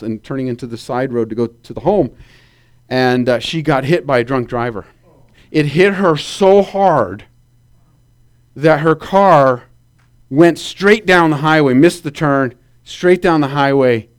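A man preaching a sermon, telling stories in an animated way and asking the congregation to say amen. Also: fairly high pitch. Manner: animated storytelling with calls for amen.

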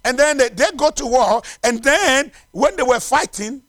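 A male preacher with a high voice that leaps up and down as he builds to loud declarations and then drops to hushed asides. He repeats phrases to drive them home. The sound is dry and close. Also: expressive, normal speed, dry recording. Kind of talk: sermon with closing prayer.

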